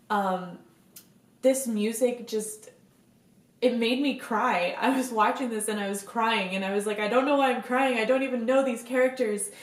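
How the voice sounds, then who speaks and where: A young woman vlogger chatting casually to camera, gushing enthusiastically and swearing now and then. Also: mid-range voice. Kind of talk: casual fan chat to camera. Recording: echoey room.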